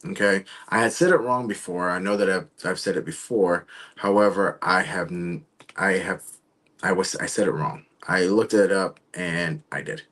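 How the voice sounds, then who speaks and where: Low-voiced man hosting a rambling livestream. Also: steady tone, a bit bright. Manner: rambling, halting, trails off. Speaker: show host. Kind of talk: casual livestream talk.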